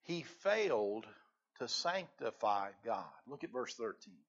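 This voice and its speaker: A male preacher giving a sermon, rising loud on key phrases and dropping low between them. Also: sing-song, takes it slowly, breathy edge. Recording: dull lo-fi recording.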